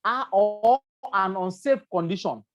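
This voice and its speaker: A woman's voice: medium pitch, a little slow, no echo, dull audio. A woman with a Nigerian English accent giving a workplace safety lecture, explaining step by step and checking in with her listeners. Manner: repetitive, explanatory, asks "right?" often. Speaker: safety trainer. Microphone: presentation with slides.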